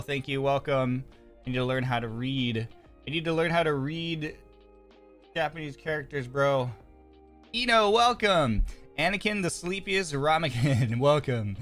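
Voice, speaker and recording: A man's voice: a little high, fairly bright tone. A young man on a casual livestream, cheerfully welcoming viewers by name and thanking them, often stumbling over names. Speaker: streamer.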